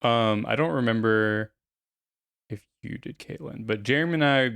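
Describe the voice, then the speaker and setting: A man's voice: medium pitch, moderate pace, creaky, a bit bright, smooth, no room sound, studio quality. A man co-hosting a film podcast, talking hesitantly with many fillers and restarts. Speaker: podcast co-host. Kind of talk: casual podcast chat.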